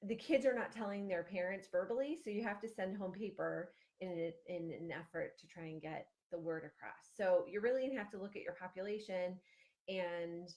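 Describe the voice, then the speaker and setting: A woman's voice: lowish voice, fairly quick, darkish tone. A woman in her thirties from Ohio, giving chatty parent-group advice on a livestream, with lots of fillers and restarts. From Ohio, USA. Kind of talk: casual livestream advice talk.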